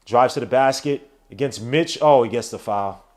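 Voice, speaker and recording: Hosting a live watch-along podcast, a man with a mid-range voice narrates the basketball game play by play at a moderate pace. His commentary is slangy and excitable, breaking into shouts when big plays happen.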